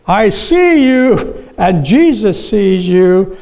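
A man voicing a watchful house parrot that repeats its warning in a slow, shrill, sing-song way. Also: sing-song, gravelly, darkish tone, exaggerated voice.

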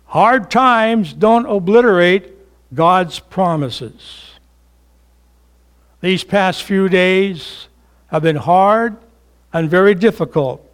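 An older male pastor delivering a sermon at an unhurried, measured pace. His voice sits a little higher than most men's. He builds to fervent, emphatic climaxes and then drops to soft, hushed phrases. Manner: slow and emphatic, rising to fervent peaks then dropping to hushed tones.

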